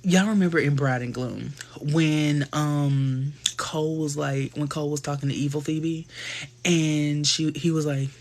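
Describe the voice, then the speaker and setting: A man hosting a live stream, chatting casually and telling gossipy stories full of slang and quick asides. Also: on the high side, fairly even intonation. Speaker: livestream host.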